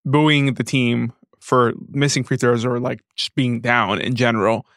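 A male co-host recounting what he saw, halting and hunting for his words, with plenty of fillers. His voice is mid-pitched and recorded dry and close. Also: steady tone, a bit bright, no echo. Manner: halting, searching for words, many "like"s. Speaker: podcast co-host. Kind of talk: casual sports chat.

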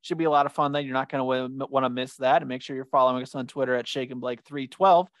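A man co-hosting a casual college sports podcast, chatty and quick to exclaim over stats. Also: medium pitch, steady tone, no echo. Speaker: podcast co-host.

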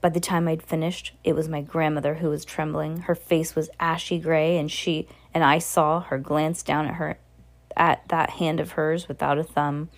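A woman's voice: low voice, level tone, normal speed. A woman reading a children's novel aloud, earnest, stumbling and restarting now and then. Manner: earnest, with small slips and restarts. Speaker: reader.

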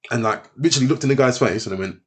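A man swaps fight stories in a relaxed conversation, talking at a rapid-fire clip in a medium-pitched voice. He's animated, curses constantly, and mimics the voices of everyone involved.

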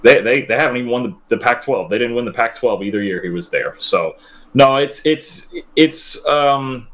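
A man co-hosting a sports podcast, giving measured analysis with frequent restarts. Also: medium pitch, lively intonation, a bit bright.

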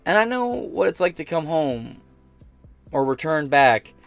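Animated, profane male podcast host. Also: a little high, unhurried, creaky, faint music behind. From United States. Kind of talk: casual commentary reacting to news clips.

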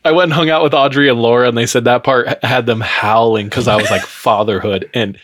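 A young man chatting casually with friends, animated and slangy, laughing often. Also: mid-range voice, fast. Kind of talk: casual chat.

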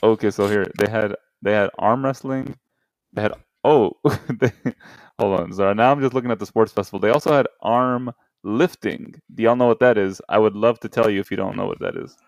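A young man with a low, gravelly voice, bantering and teasing his friends on a casual podcast. The sound is close and dry, with no room around it. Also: fairly quick, no echo, low-quality recording. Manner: joking, teasing, tries silly accents. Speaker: podcast co-host. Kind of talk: casual chat.

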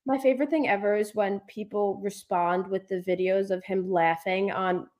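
A young woman chatting casually as a hockey fan, telling animated stories and acting out what she said. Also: medium pitch, moderate pace. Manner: animated storytelling, acts out her own quotes. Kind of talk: casual chat.

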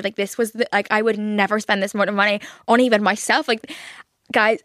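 A woman's voice: medium pitch, steady tone, a little fast, a bit bright, dry recording, clean studio sound. A woman, rambling through casual solo podcast chat and swearing freely. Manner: chatty, rambling and swears a lot. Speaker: podcast host.

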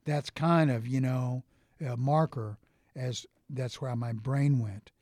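A middle-aged man in casual conversation, telling stories with lively restarts and acted-out quotes. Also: medium pitch, slow pace, no echo, studio quality. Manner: animated storyteller, frequent restarts and acted quotes. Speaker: interview guest.

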